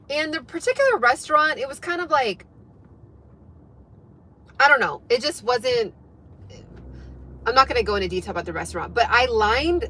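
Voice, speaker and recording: A young woman telling a story to her viewers in a chatty, animated way, full of fillers. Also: on the high side, rough recording. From United States. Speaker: fitness and life coach.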